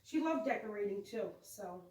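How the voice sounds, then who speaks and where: A woman's voice: medium pitch, animated, normal speed, a little mellow. Chatty woman in an echoey room. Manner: rambling, chatty, self-correcting. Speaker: co-host of home decorating channel. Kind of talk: casual home vlog chat. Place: home room with decorated tree. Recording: echoey room, mic at a distance.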